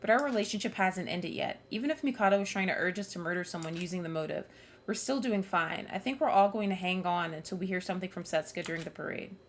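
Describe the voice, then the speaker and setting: A woman's voice: fairly low pitch, quick pace, slight background noise. Woman streamer reading a visual novel. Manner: swearing blunt asides.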